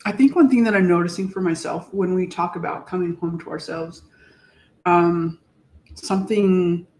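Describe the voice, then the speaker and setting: A woman co-hosting a podcast, talking in a casual, heartfelt way, reflective and halting as she searches for words. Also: on the low side, darkish tone. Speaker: podcast co-host. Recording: echoey room.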